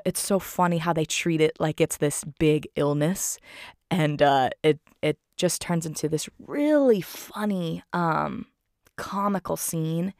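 A woman's voice: lowish voice, no room sound, clean studio sound. A woman casually retelling a film scene by scene, chatty and giggling often.

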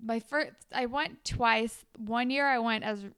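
A woman's voice: a little high, steady tone, unhurried, fairly bright tone, clear, resonant tone, no room sound, clean studio sound. A young woman co-hosting a podcast, chatting casually, swearing and acting out characters in raised voices. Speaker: podcast co-host. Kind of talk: casual recap chat.

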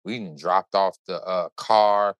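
A man hosting a podcast, telling a story in casual chat with animated, profane, run-on delivery. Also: sits low, takes it slowly, smooth, no echo, lo-fi sound. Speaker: podcast host.

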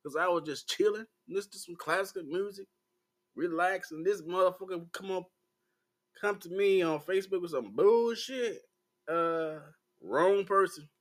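A man in his forties with a Southern American accent, ranting bluntly and profanely to the camera in a slow, laid-back vlog. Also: high-pitched. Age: 40s. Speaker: vlogger.

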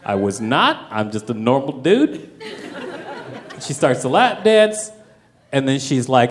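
Animated male comedian telling a wild story. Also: medium pitch, slow, pauses often. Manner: animated, profane, often laughing through lines. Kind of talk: stand-up storytelling.

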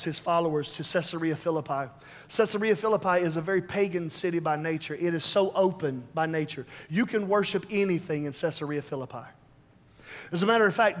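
A pastor with a very high, fairly bright male voice preaches a sermon emphatically, repeating phrases. The long reverb of a large hall surrounds his words.

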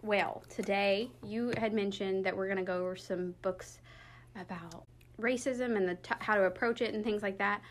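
A young woman librarian hosting a podcast, chatting casually and telling stories in an animated, excitable way. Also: mid-range voice, normal speed. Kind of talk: casual chat.

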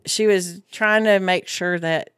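A woman's voice: fairly low pitch, steady tone, a little slow, clean tone, no echo, clean studio sound. Teasing middle-aged woman podcast host. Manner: teasing, motherly, chatty with fillers. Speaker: podcast host, farm co-owner. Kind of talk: casual podcast chat.

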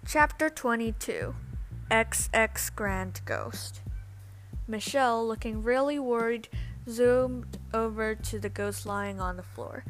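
A woman reading a storybook aloud in steady first-person narration. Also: on the high side, slow, soft background music, low-quality recording. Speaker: audiobook reader.

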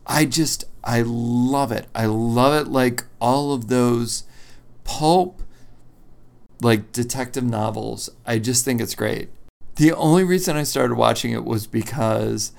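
A man with a southeastern Pennsylvania accent co-hosts a podcast in a relaxed, teasing way, with lots of fillers. His voice is gravelly, and he talks at an unhurried pace. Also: mid-range voice. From Lancaster County, Pennsylvania. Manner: easygoing, teasing, with frequent fillers. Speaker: podcast co-host. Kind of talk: casual podcast chat.

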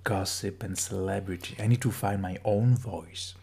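Male co-host, French accent, gravelly and creaky, playful and teasing, casual podcast banter. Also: low-pitched, steady tone, normal speed, warm tone. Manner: teasing, jokey, drops into French words. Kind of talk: casual chat.

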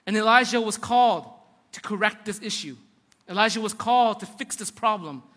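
A man's voice: sits high, brisk, a bit bright. A man preaching a sermon, retelling a Bible story dramatically and with emphasis. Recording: long hall reverb.

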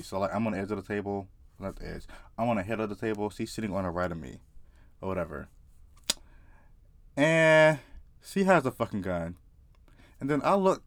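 A young Southern man with a low voice rambles through a story, swearing freely and getting worked up as he goes. His voice sounds dry and close, with no room around it. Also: no room sound. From South Carolina. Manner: profane, excitable, rambling. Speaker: vlogger. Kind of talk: casual storytelling.

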